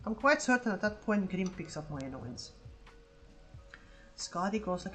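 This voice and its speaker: A woman livestreaming while drawing, telling a sarcastic, swear-filled story in a casual, animated way. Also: low-pitched, brisk, poor audio. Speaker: livestreaming artist.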